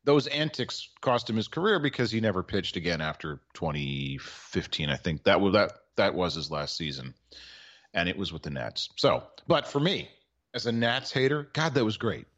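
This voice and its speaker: A man's voice: low-pitched, very animated, normal speed, a bit bright, dull audio. A man co-hosting a podcast, telling a sports story in a wry, rambling way with plenty of filler words. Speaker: podcast co-host. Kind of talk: casual sports chat.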